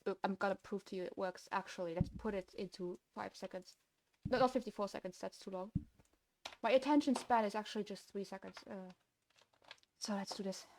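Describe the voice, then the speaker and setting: A woman's voice: medium pitch, a little fast, darkish tone, a little hiss or hum. A young woman streaming her game development, talking to herself while she codes, swinging from frustrated to gleeful. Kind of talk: casual livestream commentary while coding.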